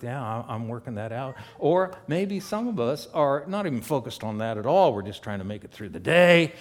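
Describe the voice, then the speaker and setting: A man with a voice of middle pitch preaches a sermon to a congregation in a church room. He swings between loud, emphatic passages and quiet asides, and reads scripture slowly and deliberately. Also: lively intonation. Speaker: pastor.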